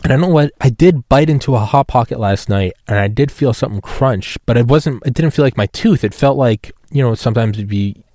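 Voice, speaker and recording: Thirties male podcast host, middle pitch, loose profane solo rant, dry close sound. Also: fairly quick, few pauses, mellow, no room sound. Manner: rambling, profane, self-mocking.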